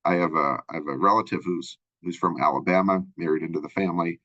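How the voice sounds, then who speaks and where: A man's voice: low-pitched, fast, bright, forceful tone, no room sound. A man from Minnesota giving a casual recorded lecture as a college instructor, talking in a loose, rambling way with many fillers and tag questions. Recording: dull lo-fi close recording.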